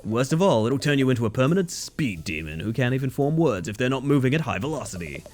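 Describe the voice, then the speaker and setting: A man's voice: medium pitch, sing-song, quick pace, a little mellow, soft background music, lightly acted. A man voicing a cocky male racing snail champion in a game, with a strained, boastful hype-man patter. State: voice strained from the put-on.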